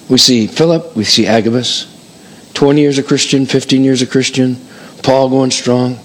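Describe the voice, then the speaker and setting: A male pastor preaching a sermon in church. He is animated and emphatic, slows down to stress key points, and calls out numbers like an auctioneer. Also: mid-range voice. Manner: animated, counts up the years like an auctioneer.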